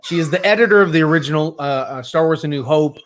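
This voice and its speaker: A man with a slightly high voice chatting casually about films. He talks in loose, halting runs full of uh's and restarts. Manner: rambling, hesitant with many uh's. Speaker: podcast co-host. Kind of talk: casual movie chat.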